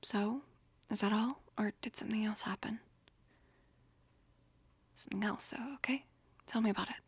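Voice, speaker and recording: Breathy young woman, whispered role-play. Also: medium pitch, fairly even intonation, normal speed, dry recording. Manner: soothing, gentle, reassuring. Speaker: caring best friend in audio role-play.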